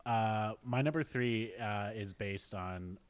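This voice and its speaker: A young man with a somewhat low voice talks through his picks in a laid-back podcast chat. He hesitates and restarts his sentences often, chuckling along with the others. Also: takes it slowly, clean tone. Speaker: podcast co-host. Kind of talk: casual chat.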